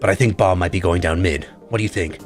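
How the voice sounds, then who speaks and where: A man doing a gruff, low impression of a grizzled male soldier giving clipped callouts. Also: quick pace, soft background music, natural voice.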